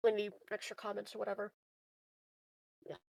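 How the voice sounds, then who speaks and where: A young woman runs a tabletop game over a voice call, her voice full of gravelly fry. She rambles, leaning on fillers. The sound is close and dry. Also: medium pitch, big pitch swings, a little slow, fairly bright tone, no room sound. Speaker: game master.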